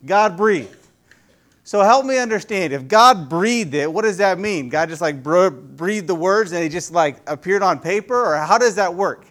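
A man with a high voice gives a relaxed, chatty sermon as a youth pastor. He keeps turning to the congregation with questions, speaking from a church. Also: normal speed. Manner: conversational, asks the audience many questions.

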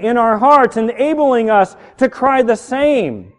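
A middle-aged man pastor preaching a sermon, animated and building to shouts on key words. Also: very high-pitched, takes it slowly. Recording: reverberant hall.

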